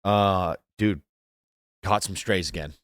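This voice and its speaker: A young man hosting a podcast with his friends, talking in a low, relaxed voice. The sound is dry and close-miked. He tells stories loosely, with lots of "like," and pushes his voice up high to mimic other people. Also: slow, no room sound. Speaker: podcast co-host. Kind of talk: casual chat, storytelling.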